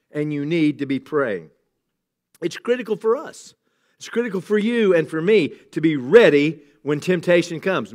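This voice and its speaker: A middle-aged man, a pastor, giving a sermon in a conversational way, with humorous asides and emphatic exclamations. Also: high-pitched.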